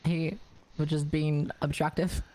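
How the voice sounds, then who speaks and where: Mid-pitched voice in casual chat. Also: little pitch movement, unhurried, a little mellow. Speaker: roleplay player.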